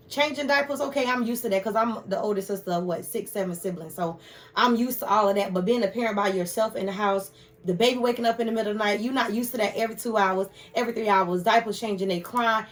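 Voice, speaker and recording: A woman's voice: a little high, far from the mic. A woman guest speaking frankly and chattily in a candid casual conversation.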